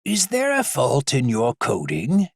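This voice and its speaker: A man voicing a gentle, fatherly android inventor who speaks softly and tenderly. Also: medium pitch, huge pitch swings, a little slow, vocal fry, no room sound, clean studio sound, full character voice. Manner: soft, tender.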